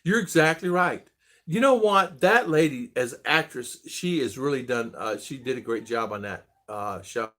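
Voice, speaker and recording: A man's voice: mid-range voice, lively intonation, normal speed, fairly bright tone. A middle-aged man hosting a casual livestream chat, greeting viewers by name in a chatty way. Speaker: livestream host.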